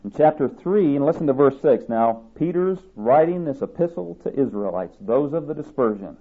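A man delivers an animated sermon at a moderate pace with a medium-pitched voice, captured on tinny, phone-like tape. He reads scripture aloud and repeats his points emphatically to drive them home.

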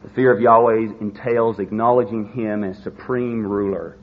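A man preaching a sermon, stressing key words and slowing down to drive his points home. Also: lowish voice, fairly even intonation. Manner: emphatic, slows down to stress words. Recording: slightly dull lo-fi recording with faint noise.

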